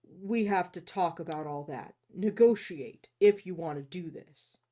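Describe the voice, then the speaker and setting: A woman reading aloud as a controlling wealthy young man, speaking low and deliberately. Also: warm tone. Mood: coolly commanding.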